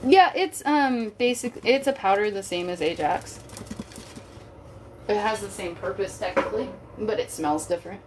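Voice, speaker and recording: A young woman chats with her live viewers while she cleans, calling them y'all and swearing freely. Her voice sits at an ordinary middle pitch. A steady hum of background noise runs under the recording. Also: moderate pace. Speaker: livestream host. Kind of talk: casual chat to a live chat.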